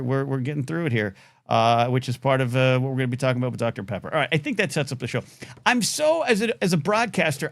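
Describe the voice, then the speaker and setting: A man hosting a live call-in talk show in a casual chat, animated, often jumping up into playful high tones with many restarts. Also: dry recording.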